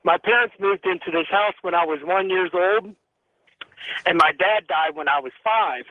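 A man phoning into a late-night radio show tells his story in an earnest, steady way, pausing on ums. His voice sits high for a man. It comes through a thin phone line with no room sound. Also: no echo. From Tennessee. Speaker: caller.

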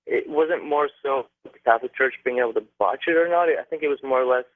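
A man's voice: mid-range voice, quick pace. A young man from Canada, a radio caller, telling a long story with many fillers and restarts. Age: young adult. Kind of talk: phone-in storytelling. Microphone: phone. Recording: tinny dry phone line.

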